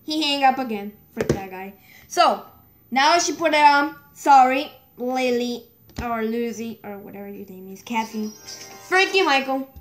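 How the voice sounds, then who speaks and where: Slow, high-voiced woman chatting while gaming. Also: a bit bright, a little hiss or hum. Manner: chatty, easily exasperated, talks to herself. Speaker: gaming video creator. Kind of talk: casual running commentary while gaming. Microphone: phone microphone.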